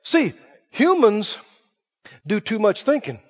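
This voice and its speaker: A male pastor preaching an animated sermon, laughing often and drawing his words out. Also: high-pitched, slow, muffled recording.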